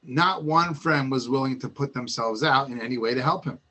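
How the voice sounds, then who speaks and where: A man giving a Torah talk, telling an old story in a lively, casual way full of asides and restarts. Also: mid-range voice, normal speed.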